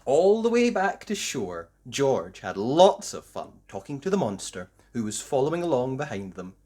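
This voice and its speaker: Lady reading a kids' picture book, deep voice, swoops up and down a lot, takes her time. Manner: slow, expressive, sing-song delivery. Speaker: story reader. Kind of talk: children's storybook read-aloud.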